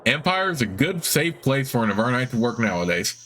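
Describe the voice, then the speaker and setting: A man's voice: medium pitch, sing-song, brisk, fairly bright tone, slight background noise. A man voicing a wary, bitter male shopkeeper in a role-playing game, curt and guarded.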